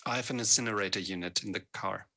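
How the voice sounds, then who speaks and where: A man playing a tabletop game, speaking in a deliberate, quietly grave way in character. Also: sits low, slightly rough. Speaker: player.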